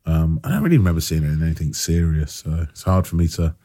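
A man's voice: lively intonation, fast talker, mellow, no echo, clean studio sound. A man co-hosting a casual film podcast, joking around and laughing often. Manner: jokey, laughs a lot, swings his pitch widely. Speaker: podcast co-host.

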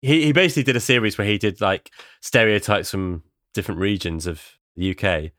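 Male podcast co-host, low pitch, relaxed wry explainer, dry close recording. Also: brisk, no echo. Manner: chatty, wry, explains at length. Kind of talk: casual chat about poetry.

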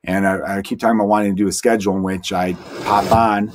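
Man, stand-up comedian, solo podcast host, casual rambling monologue, lower-pitched voice, animated asides. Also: fast, background noise.

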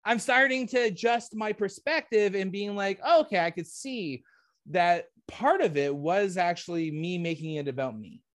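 A man's voice: sits high, moderate pace, a bit bright, no echo. A man from Canada in his forties, a comedian talking candidly in a casual interview, rambling with lots of fillers and asking "right?" often. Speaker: comedian guest.

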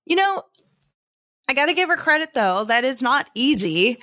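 A woman's voice: high-pitched, sing-song, moderate pace, bright, forceful tone, slight background noise. A woman co-hosting a podcast, chatting casually about a movie with many "like" fillers and playful mockery. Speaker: podcast co-host. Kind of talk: casual chat reviewing a movie.

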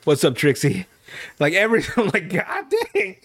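A young man with a somewhat high voice rambles through a TV recap as a podcast host, chatting casually with a friend. He swears freely, laughs often and restarts sentences over and over, speaking fairly quickly with big pitch swings.

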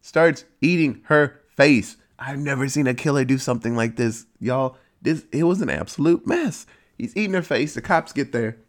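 Man casually recapping a movie. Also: moderate pace. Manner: profane, animated storytelling with sudden pitch jumps. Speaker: movie reviewer.

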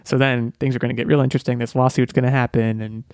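A young man co-hosting a podcast in casual chat, rambling and breaking off mid-sentence into animated asides. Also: mid-range voice, fast talker, smooth, no echo, clean studio sound. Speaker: podcast co-host.

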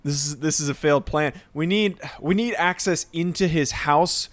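A man's voice: on the high side, moderate pace. A man co-hosting a casual chat, skeptical and firing off questions.

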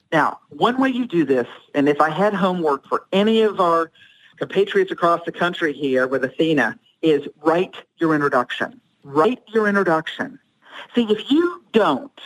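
A middle-aged woman, a speaking coach, giving animated, emphatic advice as a podcast guest. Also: sits low, low-quality recording. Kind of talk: podcast interview, advice talk.

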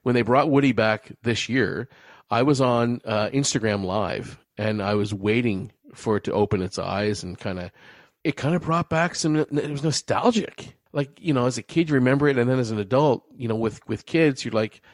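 A man's voice: mid-range voice, moderate pace, no room sound. A man from Nova Scotia in his forties, co-hosting a podcast in loose, rambling chat full of "uh" and "um". His voice sits in a middle range and sounds close and dry, with no room around it. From Nova Scotia, Canada. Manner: rambling, laughs often, many fillers. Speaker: podcast co-host.

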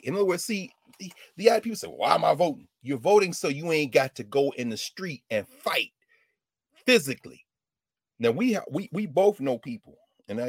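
Man, slightly high voice, fiery outspoken talker with slang, dry close recording. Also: dry recording. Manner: fiery, swings between loud outbursts and low murmurs, laughs often; uses street slang and curses. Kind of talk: impassioned casual conversation.

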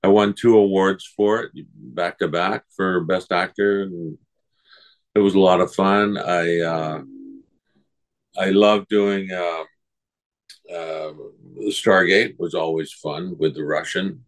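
An older man with a deep voice speaks slowly, with fairly even intonation. As a guest voice actor in a casual interview, he tells rambling anecdotes and acts out the people he quotes.

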